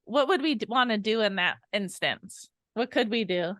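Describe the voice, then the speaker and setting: A young adult woman co-hosting a sales podcast, upbeat and energetic, laughing often as she coaches. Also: mid-range voice, moderate pace, dry recording.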